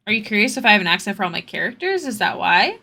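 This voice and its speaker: A woman's voice: medium pitch, very animated, very fast, creaky, bright, forceful tone. A young woman streamer chatting casually with her viewers while she draws, answering their questions in rambling asides.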